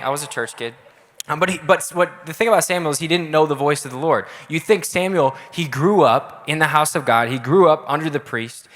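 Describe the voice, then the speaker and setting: A young adult man preaching a casual, energetic youth sermon in a church auditorium, talking directly with the crowd. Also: a little high. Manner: energetic, casual, audience-engaging. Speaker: youth pastor. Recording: echoey hall.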